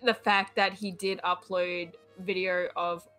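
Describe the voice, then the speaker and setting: A woman co-hosts a casual late-night chat, chatty and full of filler words. Her voice is bright and clear. Faint music plays behind her. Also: on the low side, flat delivery, a little slow. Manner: chatty, lots of fillers, laughs along. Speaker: co-host.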